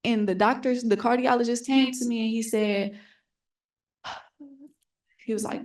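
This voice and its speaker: A woman's voice: on the high side, steady tone, a little slow, long pauses, a little mellow. A young woman on a panel, telling her personal story candidly and earnestly, often acting out what people said to her. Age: young adult. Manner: candid, earnest storytelling that acts out remembered dialogue.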